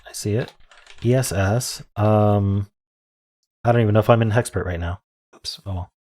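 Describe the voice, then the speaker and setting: A man with a fairly low voice talks himself through word puzzles in a soft, meandering way. He hesitates often, trails off into ums, and chuckles quietly at his own guesses. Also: normal speed. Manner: muttering, hesitant, many ums, self-amused. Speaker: word game streamer. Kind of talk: thinking aloud while solving puzzles.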